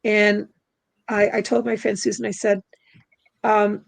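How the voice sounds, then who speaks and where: A middle-aged woman from Canada, a guest telling a spirit story in casual interview chat, halting and rambling with many fillers and restarts. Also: mid-range voice, flat delivery, gravelly, dry recording, low-quality recording. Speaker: guest spirit releasement practitioner.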